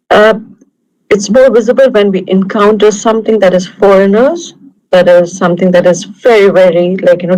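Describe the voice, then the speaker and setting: Woman, Indian English accent, mid pitch, guest lecturer on a video call, chatty and anecdotal. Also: rough recording. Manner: conversational, anecdotal, talks through examples. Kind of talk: online lecture.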